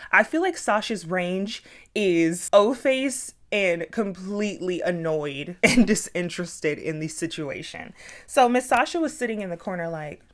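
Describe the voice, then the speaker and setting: A young woman casually recapping a horror film, profane and animated, acting out quotes and dropping into sudden whispers. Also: lowish voice, a little slow.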